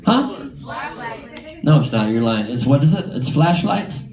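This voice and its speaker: A man's voice: a little high, very animated, unhurried, reverberant, heavy background noise. A man doing improvised crowd work on a comedy club stage, teasing the audience in a brash, profane way. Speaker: stand-up comedian. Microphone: handheld stage mic. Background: laughing crowd.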